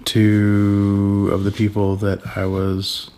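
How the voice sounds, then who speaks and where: A man's voice: on the low side, completely flat delivery, takes it slowly, dark tone, a little hiss or hum. A man co-hosting a casual home vlog with an accent-neutral voice, rambling with ums and restarts and chuckling as he talks. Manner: rambling, laughs while talking, frequent ums and restarts; keeps voice down so as not to wake a baby. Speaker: vlog co-host. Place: home at night.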